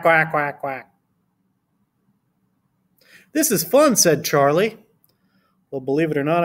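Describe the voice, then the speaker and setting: A man teaching an online lesson to young children, giving gentle instructions and reading a storybook aloud with character voices. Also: fairly high pitch.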